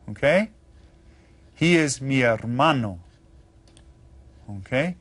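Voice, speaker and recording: A man teaching a children's Spanish lesson, upbeat and coaxing, repeating each word slowly and asking pupils to say it back. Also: medium pitch, animated. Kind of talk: scripted children's language lesson.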